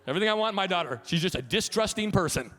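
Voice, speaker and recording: A man's voice: high voice, racing. Man preaching with a carrying voice. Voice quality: voice that carries. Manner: storytelling with laughs, animated quotes. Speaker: pastor. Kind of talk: sermon. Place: church sanctuary.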